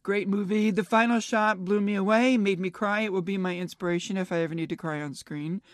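A middle-pitched woman in her fifties chats alone into the mic, wandering from thought to thought with frank, salty asides. The sound is dry and close, with no room around her. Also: steady tone, brisk, no echo. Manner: rambling, candid and profane, thinking aloud. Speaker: podcast host. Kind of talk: casual solo podcast chat.

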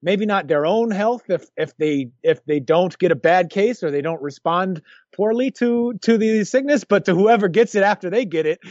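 A man co-hosting a podcast, talking in a lively, joking way with many restarts. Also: sits high, moderate pace, dry recording, highs cut off. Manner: animated, jokey, restarts often. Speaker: podcast co-host. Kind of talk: casual chat.

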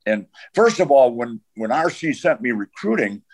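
A man's voice: medium pitch, sing-song, moderate pace. A man, a football coach, telling long anecdotes as an interview guest, with many fillers and repeated words. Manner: rambling, filler-heavy anecdotes.

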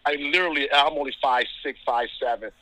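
A man from Ohio, a basketball referee, speaking with a very bright, forceful tone. He tells stories about coaches in a chuckling, chatty way, full of fillers. The sound is dry and close. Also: mid-range voice, fairly even intonation, fast talker, dry recording, poor audio. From Toledo, Ohio. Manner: chuckling, anecdotal, lots of fillers. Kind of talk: casual storytelling interview.

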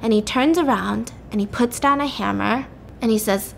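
A woman hosting a podcast, retelling a true story in a chatty, animated way, swearing casually and filling with "like" and "you know.". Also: a little high, moderate pace, creaky, slight background noise.

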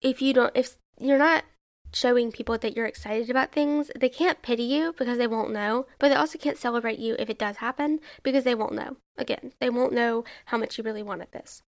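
A woman's voice: fairly high pitch, a little fast. A young adult woman hosting her own podcast, talking alone in a rambling, self-questioning way with lots of "like". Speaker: podcast host. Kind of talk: casual solo podcast monologue.

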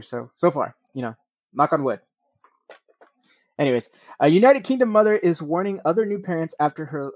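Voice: mid-range voice, no echo. A young adult podcast host casually reading news stories aloud, swearing often, laughing and tripping over words.

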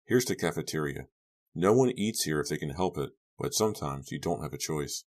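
Guy reading an awkward teen boy, earnest, bit sarcastic, very deep voice. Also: animated, fairly quick, darkish tone, exaggerated voice.

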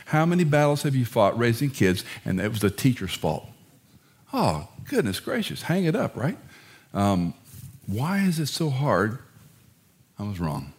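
A middle-aged man preaching a sermon, animated and self-deprecating, who acts out family quarrels and scripture. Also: on the low side, a little slow, long pauses, husky. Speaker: pastor.

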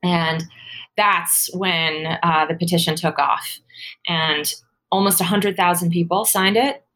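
A woman guest in a casual interview, telling her story in a lively, animated way with many fillers and laughs. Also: fairly low pitch, slow. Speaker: guest, former pro cyclist and author.

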